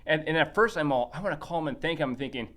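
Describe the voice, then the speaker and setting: A man's voice: on the high side, racing. Man telling a story on a podcast. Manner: animated, acts out quoted dialogue; many restarts and fillers. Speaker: podcast guest. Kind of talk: casual storytelling chat.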